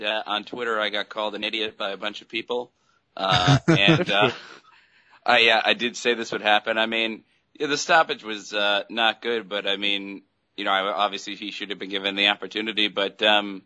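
A man's voice: lowish voice, bright, forceful tone, low-quality recording. A man co-hosting a podcast in casual chat, rambling and hesitant, with many fillers. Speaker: podcast co-host.

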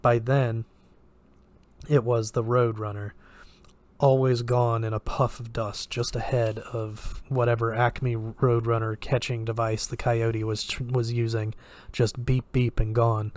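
A man's voice: mid-range voice, measured pace. Man reading a thriller aloud. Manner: steady reading with small restarts. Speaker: story reader. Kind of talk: audiobook narration.

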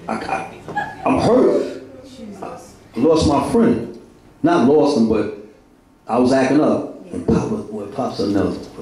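A middle-aged man, giving an emotional church testimony full of repetition and street slang. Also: a little high. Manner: repetitive, heartfelt, street slang, laughing through it. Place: large echoey church hall. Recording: echoey hall from far off.

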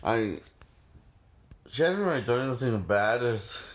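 A man's voice: medium pitch, animated, measured pace. A man casually reviewing a horror film, rambling with many restarts and frequent laughs.

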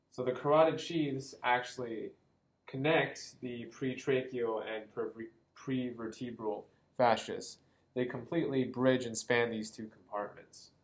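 A man's voice: mid-range voice, rough recording. Man explaining anatomy step by step. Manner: explanatory, with frequent ums and self-corrections. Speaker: anatomy lecturer. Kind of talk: drawing-board anatomy lesson.

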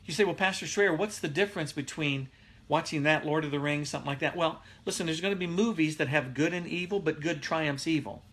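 A man's voice: on the high side, fairly quick, fairly bright tone. A middle-aged male pastor giving a casual live Bible teaching, who laughs often and reads out viewer comments.

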